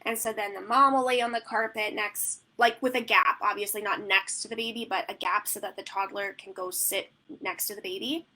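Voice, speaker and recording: A woman's voice: mid-range voice, fairly even intonation, fairly quick, hardly any pauses, pushed and bright, rough recording. A woman newborn photographer answering questions in a live online Q&A, rambling and chatty with plenty of "like" and "um". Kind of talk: live Q&A teaching.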